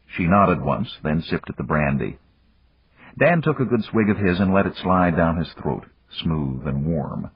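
A man narrating an audiobook in measured storytelling. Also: low-pitched, sing-song, slightly rough, no room sound. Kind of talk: scripted narration. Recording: dull lo-fi, dry recording.

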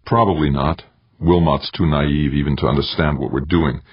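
A scheming, brooding man who frets about losing his grip on power, as a man reads him in an audiobook. The voice is extremely deep and husky. It is recorded dry and sounds a little dull and lo-fi. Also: steady tone, normal speed, dry recording. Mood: anxious. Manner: anxious, brooding inner voice. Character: scheming ambitious man, an ex-convict leader.

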